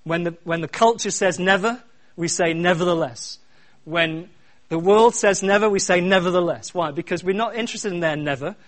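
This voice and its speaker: Middle-aged pastor with a high voice. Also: male voice, brisk, few pauses. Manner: preaching with swells from quiet to loud, repeated refrains. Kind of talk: sermon.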